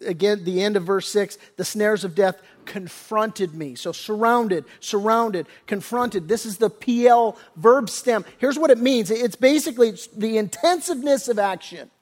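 A man with a high voice preaches a sermon as pastor, unhurried yet with few pauses. Conversational and earnest, he often restarts phrases, dropping soft for tender points and rising to read scripture.

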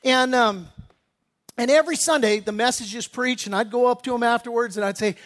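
A man preaching a sermon as pastor, telling a casual, slangy personal story and ending in an earnest, softer appeal. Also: extremely high pitch, a little fast.

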